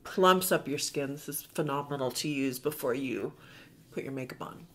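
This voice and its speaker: A woman's voice: low voice, measured pace, long pauses, a little hiss or hum. A middle-aged woman hosting a makeup tutorial, chatting in a rambling, self-deprecating way as she works. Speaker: beauty vlogger.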